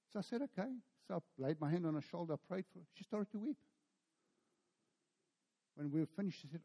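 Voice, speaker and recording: A middle-aged South African preacher delivers a storytelling sermon, voicing the people in his story with animated energy. His voice is mellow and rounded. It rings with the long reverb of a large hall. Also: a little high, fast, gravelly, husky. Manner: storytelling, animated, acts out dialogue.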